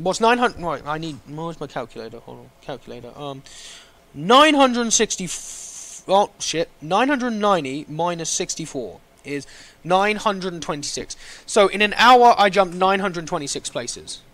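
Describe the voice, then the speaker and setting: High-voiced man ranting on stream. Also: animated, measured pace, fairly bright tone. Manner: ranting, swearing, exasperated outbursts. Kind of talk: live game stream rant.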